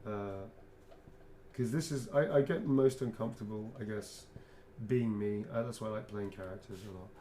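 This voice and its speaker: A man chatting casually while he signs autographs on a livestream. He teases playfully, swears freely, chuckles often and drops to a quiet mutter while he draws. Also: fairly low pitch, normal speed, a little hiss or hum. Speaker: actor signing autographs on a livestream. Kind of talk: casual chat while signing.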